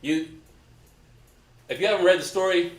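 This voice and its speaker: A man's voice: sits high, moderate pace. A man leading a Bible study class, explaining a passage in a casual, conversational way and calling on others to read. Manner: conversational, directs readers, restarts often. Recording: roomy echo.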